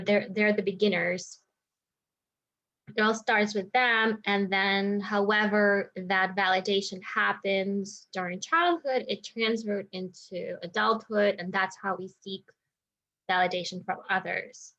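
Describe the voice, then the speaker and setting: An energy healer with a medium-pitched, slightly bright voice reflects on a personal experience in a vlog. She circles her thoughts, sprinkling in lots of "like" and "you know." The recording sounds dull and lo-fi.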